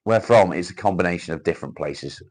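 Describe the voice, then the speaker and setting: A man's voice: low voice, fast, darkish tone. A man from Cheshire with an accent mixing northern English and South Welsh, chatting casually on a livestream, swearing freely and greeting viewers by name. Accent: mix of northern English and South Welsh. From Cheshire, England. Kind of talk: casual livestream chat reading out comments.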